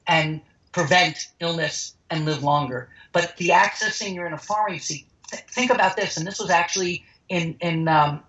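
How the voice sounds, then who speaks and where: A man's voice: a little high, moderate pace, bright, forceful tone, lo-fi sound. A man interviewed as the founder of a healing center, talking emphatically and acting out the people in his stories. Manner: emphatic, acts out quoted dialogue. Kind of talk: animated interview storytelling.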